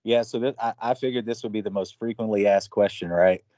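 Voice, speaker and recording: A man's voice: on the low side, fairly even intonation, fairly quick, mellow, no room sound. Rambling man in a dry, dull recording. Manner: loose and rambling, lots of fillers and retold dialogue. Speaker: guest musician. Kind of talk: casual interview talk.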